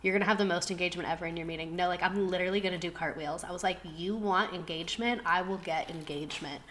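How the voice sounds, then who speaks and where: Fast-talking woman, gasping for air. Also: fairly low pitch, steady tone, fairly bright tone, a little hiss or hum, low-quality recording. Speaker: streamer host. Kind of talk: casual live-stream chat. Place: home streaming setup.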